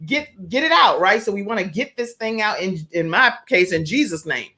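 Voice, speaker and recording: A woman hosting an interview show, talking in an animated, conversational way. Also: mid-range voice, normal speed. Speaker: show host.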